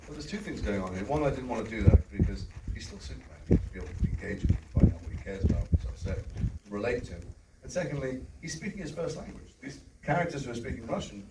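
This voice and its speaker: A man on a convention panel, answering an audience question in an articulate, explanatory way, with quick restarts. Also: medium pitch, expressive, very noisy. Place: large convention hall. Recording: echoey hall from far off.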